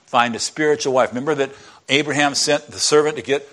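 A man preaching a sermon in a church, retelling a story in an animated way and acting out its characters. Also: medium pitch, quick pace. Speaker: pastor.

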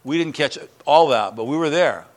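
A middle-aged man preaching a sermon in church, earnest and emphatic, repeating words and rising in pitch on key lines. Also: animated, moderate pace. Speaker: pastor. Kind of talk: sermon and prayer.

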